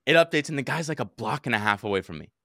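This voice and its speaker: A young man recounts a story at a rapid clip, his voice bright and forward. He talks in an animated, profane way and acts out his own yells. The mic sound is close and dry. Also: mid-range voice, dry recording. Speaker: podcast co-host. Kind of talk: casual storytelling chat.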